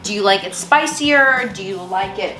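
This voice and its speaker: A woman's voice: medium pitch, lively intonation, normal speed, sharp tone. A woman hosting a casual cooking vlog from her home kitchen, bubbly and joking, swearing casually as she goes. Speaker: host. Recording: echoey kitchen with music.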